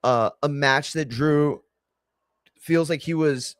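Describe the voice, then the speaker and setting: A man's voice: a little high, slow, clean tone, no echo, studio quality. A man hosting a watch-along stream, chatting casually in a rambling, sarcastic and exasperated way. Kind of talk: casual chat.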